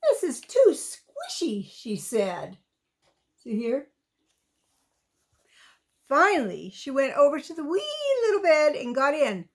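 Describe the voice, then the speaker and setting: Woman storyteller, high and slow, reads aloud to small children. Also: expressive. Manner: slow, lilting, asks the young listener questions.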